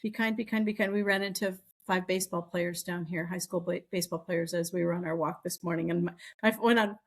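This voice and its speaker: A woman's voice: lowish voice, fairly even intonation, fairly quick, breathy edge. A middle-aged woman co-hosting a podcast, telling stories in casual chat and acting out the voices of people she quotes. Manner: chatty storytelling, acts out quoted voices. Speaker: podcast co-host.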